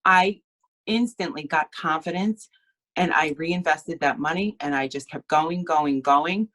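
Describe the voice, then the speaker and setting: Low-voiced woman, earnest and tearful. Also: unhurried, fairly bright tone. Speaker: team member sharing her story. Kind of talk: emotional personal testimony.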